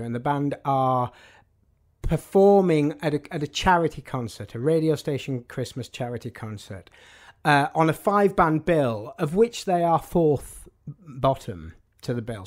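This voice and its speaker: A man's voice: fairly high pitch, animated, moderate pace, darkish tone. A man, a music journalist telling anecdotes in an interview, with a dry, wry humour.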